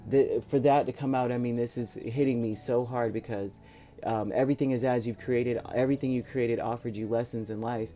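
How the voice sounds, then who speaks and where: A man's voice: medium pitch, steady tone, fairly quick, mellow, faint music behind. A man giving a rambling, reassuring tarot reading to his viewers, with many ums and restarts. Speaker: tarot reader. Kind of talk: casual spoken tarot reading.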